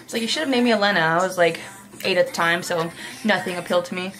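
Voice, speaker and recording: A woman's voice: fairly low pitch, fast talker, a bit bright, soft background music. A young woman vlogger chatting casually while doing her makeup, rambling and reflective, with lots of filler words. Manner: rambling, reflective, heavy use of "like".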